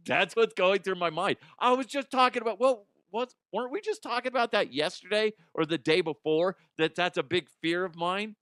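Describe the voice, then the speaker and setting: Male podcast host, casual comedic rambler, curses freely, slightly high voice, dry close sound. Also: normal speed, fairly bright tone, dry recording. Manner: rambling, profane, often laughing at himself.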